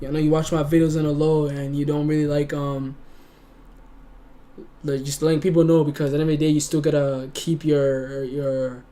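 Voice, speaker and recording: An earnest young man chats on his livestream, his voice sitting a bit high. He gets emotional and trips over his words, repeating them as he goes. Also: little pitch movement, moderate pace, dark tone. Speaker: streamer. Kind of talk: casual livestream chat.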